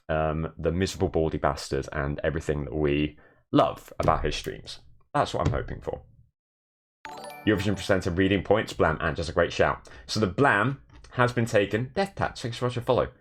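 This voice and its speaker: A young man streaming from his bedroom in a shared flat, chatting casually and self-deprecatingly and thanking viewers. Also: low-pitched. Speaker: Twitch streamer. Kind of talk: casual live stream chat.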